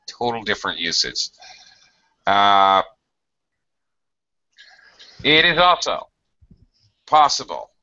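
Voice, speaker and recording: Man, English teacher, slow patient explaining, bright tone, dull lo-fi audio. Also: on the low side, very animated. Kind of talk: online grammar lesson.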